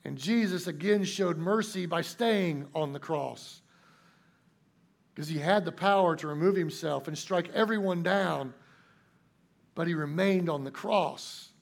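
High-voiced folksy preacher man. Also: vocal fry. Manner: folksy, emphatic, slows down for key points. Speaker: pastor. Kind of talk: sermon.

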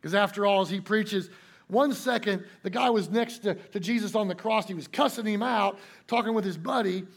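A man preaching a sermon in a folksy, emphatic way, slowing down to stress key points. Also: high voice, gravelly, slightly rough. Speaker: pastor.

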